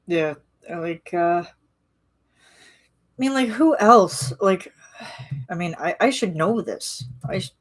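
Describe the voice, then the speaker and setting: A woman's voice: on the low side, lively intonation, slow pace, pauses often. A woman rambling casually in a live-stream chat with her viewers, full of restarts and fillers. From Canada.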